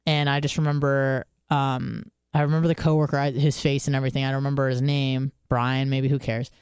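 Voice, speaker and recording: A woman radio co-host in casual studio chat, her voice smooth and clear over a dry, close mic. She tells stories frankly, swears freely and stumbles through fillers. When she quotes someone, her voice leaps much higher. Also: flat delivery, fairly quick, darkish tone, no echo. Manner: candid and profane, lots of fillers and restarts.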